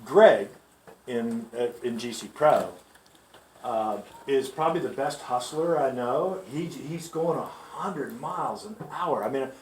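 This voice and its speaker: A man giving a lively storytelling pep talk to store staff, acting out the people he quotes, recorded from a distance in a store. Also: mid-range voice, a little slow, slight background noise. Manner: animated, laughing, acts out quoted people. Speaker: company executive addressing store staff. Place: store on opening day. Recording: echoey room, mic far off.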